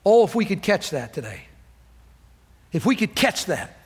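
A man's voice: high-pitched, sing-song, moderate pace, slightly rough. A middle-aged man preaching a sermon with emphatic, rousing call-and-response delivery. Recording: long hall reverb.

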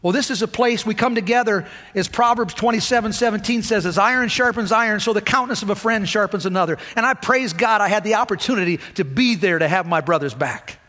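A man preaching a sermon in a casual, conversational way, with asides and small jokes, turning high and intense as he retells emotional moments. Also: quick pace, hardly any pauses, sharp tone. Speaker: lay preacher. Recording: hall reverb.

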